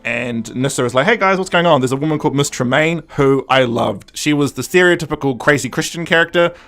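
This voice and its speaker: A man hosting a podcast, recapping a story in a casual, animated way with lots of fillers. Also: medium pitch, a little fast. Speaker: podcast host. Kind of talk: casual review chat.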